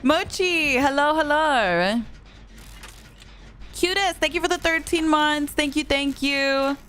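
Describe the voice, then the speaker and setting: A woman's voice: sits high, takes it slowly. Chatty young woman streamer. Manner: chatty, animated storytelling with frequent "like". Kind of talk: casual chat while gaming.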